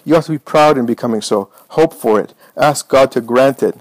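A man voicing a fiery, devout woman who speaks with forceful, commanding conviction. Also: mid-range voice, a little fast, no echo, close to an everyday voice, rough recording. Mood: firm.

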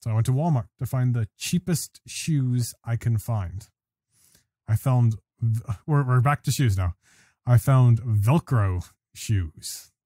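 A man's voice: medium pitch, takes it slowly, warm tone, dry recording, clean studio sound. A man co-hosting a podcast, telling a work story in a casual, riled-up way. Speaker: podcast co-host. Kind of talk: casual chat.

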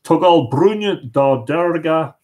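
A man's voice: a little high, takes it slowly, darkish tone. An Irish man hosting a live stream, chatting casually as he reads out and answers viewer comments, with frequent hesitations. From Ireland. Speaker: livestream host.

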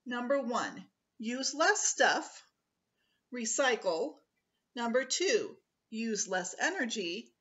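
A woman, a preschool teacher, reading a picture book aloud to children in a slow, expressive way. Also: a little high, highs cut off.

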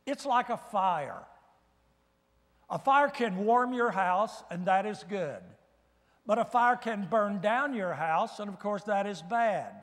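An older man giving a guest sermon in a church, telling folksy stories with gentle humor. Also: high-pitched, long reverb tail. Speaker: guest preacher. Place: church sanctuary.

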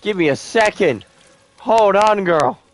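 A young man giving casual let's-play commentary, joking, swearing a lot and letting out sudden loud whoops. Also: high voice, lively intonation, takes it slowly. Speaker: gameplay streamer.

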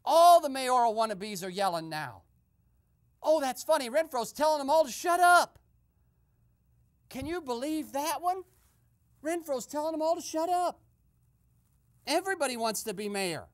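Woman doing a jumpy gossipy guy radio host, kinda high voice, super lively up and down. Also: moderate pace, pauses often. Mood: excited. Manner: gossipy running commentary with exclamations. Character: excitable male eavesdropping radio host. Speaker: host and narrator. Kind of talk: comedic radio sketch narration.

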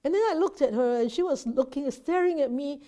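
A woman's voice: high-pitched, a little fast, warm tone. A Buddhist nun teaching an informal Dharma class over a video call, talking conversationally, often restarting and repeating words and checking in with her listeners.

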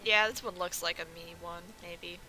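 A woman's voice: lowish voice, steady tone, moderate pace, bright, forceful tone, faint music behind, poor audio. A young woman streaming a game, chatting casually and teasing her friends playfully. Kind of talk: casual chat while gaming.

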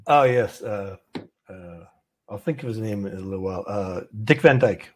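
A man's voice: on the low side, expressive, moderate pace. A man from Canada hosting a casual trading livestream from an office, chatty and easygoing as he walks through charts. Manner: chatty, easygoing, laughs often.

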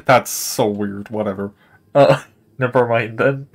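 A young man chatting casually with his chat while he plays a game, rambling, saying "like" a lot and laughing often. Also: a little slow. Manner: animated pitch jumps, laughs often. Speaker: streamer. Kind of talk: casual live-stream chat while gaming.

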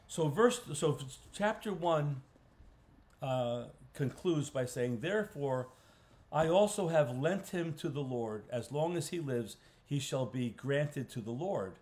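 Pastor teaching a Bible study. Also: male voice, on the high side, animated, slow, darkish tone. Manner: conversational, frequent restarts and throat clearing. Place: church. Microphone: livestream recording.

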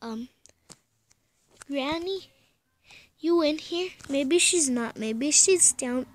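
A woman's voice: sits high, animated, extremely slow, pauses often. A young woman commenting on a horror game from her bedroom, pleading and often dropping to a scared whisper. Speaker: gamer. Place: bedroom at home.

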